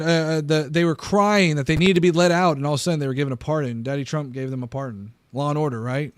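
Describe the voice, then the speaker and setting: A man's voice: on the high side, steady tone, quick pace, few pauses, no echo. Emphatic man talking into a dry mic. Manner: argumentative, emphatic, restarts and stammers. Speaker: political commentary host. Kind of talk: casual reaction commentary.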